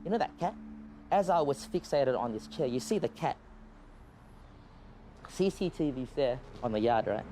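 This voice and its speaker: A man casually telling a story in an animated way, with frequent stammered restarts and loose, profane talk. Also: mid-range voice, normal speed, long pauses, a little hiss or hum.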